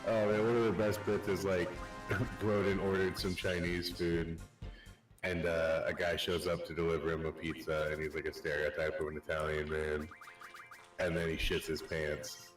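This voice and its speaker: A man's voice: low-pitched, little pitch movement, moderate pace, reverberant, over music, rough recording. A man streaming a game in casual chat, laughing a lot and swearing freely while retelling comedy sketches.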